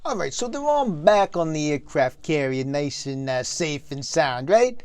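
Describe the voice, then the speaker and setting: A man's voice: fairly high pitch, sing-song, a little slow, hardly any pauses, darkish tone, clean tone, dry recording. A man playing a wise-guy movie critic, recapping a film in a rambling way with lots of fillers. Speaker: comic movie reviewer.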